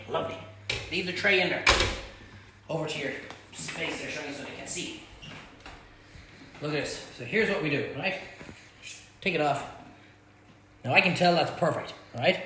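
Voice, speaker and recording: A man hosting a live cook-along, chatty and blunt, bantering with viewers as he cooks. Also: fairly high pitch. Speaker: cooking show host. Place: home kitchen. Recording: echoey kitchen, faint hum.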